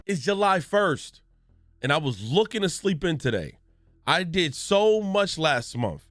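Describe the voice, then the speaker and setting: Animated man ranting about gaming news. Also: a little high, a little slow, faint music behind. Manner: animated, profane, storytelling with exaggerated reactions. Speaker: gaming streamer and commentator.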